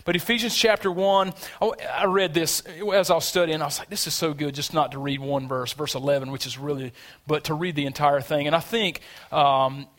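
A man's voice: on the high side, steady tone, fairly quick, a bit bright. A man preaching a sermon in a church, conversational and emphatic, drawing the congregation in with questions. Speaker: pastor. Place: church sanctuary.

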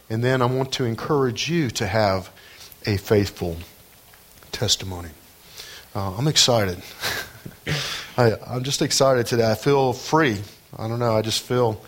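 A man preaching a sermon as pastor of his church, earnest and measured. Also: mid-range voice.

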